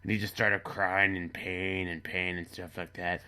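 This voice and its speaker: A man delivering a rambling, matter-of-fact comedy monologue with halting restarts. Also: low voice, flat delivery, pushed and bright, clean tone. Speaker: comedy character monologue host. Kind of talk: deadpan dark comedy monologue.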